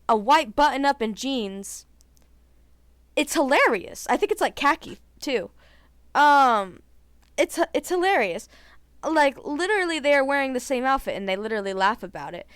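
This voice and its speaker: A woman chatting in a casual vlog, animated and talkative, filling her speech with "like" and laughing at her own opinions. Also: high-pitched, no room sound. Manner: chatty and animated, heavy use of "like". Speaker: vlogger.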